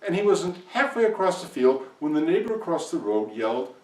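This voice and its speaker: A man telling a folktale aloud in an expressive, animated way with dramatic pauses, in an echoey room from far off. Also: on the high side. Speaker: professional storyteller. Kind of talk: live folktale storytelling.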